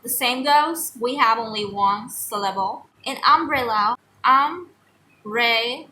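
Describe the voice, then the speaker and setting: A young woman tutor giving a pronunciation lesson, repeating example words slowly for the learner. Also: fairly high pitch, bright, forceful tone, far from the mic, a little hiss or hum. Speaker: online tutor.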